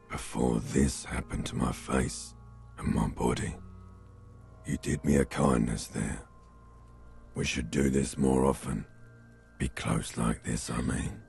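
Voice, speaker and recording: Gravelly dead man put on by a man, deep, creaky and slow, mock-tender. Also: darkish tone, heavily acted. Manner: slow, teasing, mock-affectionate. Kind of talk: improvised game-stream role-play.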